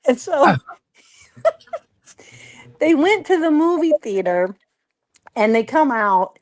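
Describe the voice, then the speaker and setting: A middle-aged woman holds forth on a casual home livestream, her voice set a little high. She tells animated stories, slips into voices for the people in them, laughs easily and swears without a second thought. The sound is dry and close, with no room around it. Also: no room sound. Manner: animated storytelling, acts out family voices, laughs often; swears freely. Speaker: podcast co-host.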